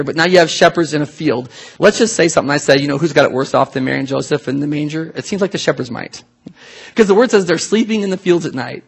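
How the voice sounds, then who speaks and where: A man preaching a sermon in a church, conversational and animated, full of asides and questions to the congregation. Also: on the high side, breathy edge. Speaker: pastor.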